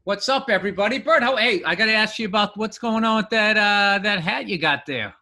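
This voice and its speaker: A man's voice: high-pitched, a little fast, sharp tone. A man co-hosting a podcast, needling his partner with teasing banter. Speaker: podcast co-host. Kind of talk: casual comedic chat.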